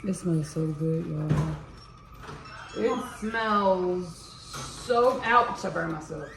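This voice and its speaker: Woman, tired but playful home cook, casual vlog chatter, slightly low and gravelly. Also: extremely slow, noisy background. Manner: chatty, playful, talks to viewers as y'all. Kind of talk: casual cooking vlog chat. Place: home kitchen.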